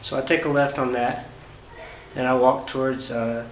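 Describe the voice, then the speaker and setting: Speaking in a mid-range voice, a man who vlogs about travel rambles through a personal trip story at an easy pace. Fillers and restarted sentences break up his speech, and the room's echo comes with a low ambient hum.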